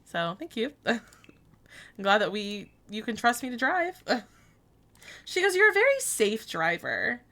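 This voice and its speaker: A bright, clear-toned woman in her twenties chats away on a game stream. She tells stories in a loose, rambling way, laughs often and acts out what she said back then. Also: a little high, big pitch swings, a little slow, pauses often. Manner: chatty storytelling, laughing often, quoting herself. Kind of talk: casual chat while streaming a game.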